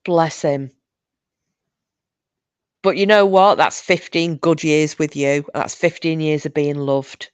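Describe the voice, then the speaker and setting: A woman's voice: deep voice, steady tone, takes it slowly, pauses often, smooth, no echo. A woman telling a story in casual live-stream chat and answering viewers as host. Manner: chatty storyteller, responds to viewers.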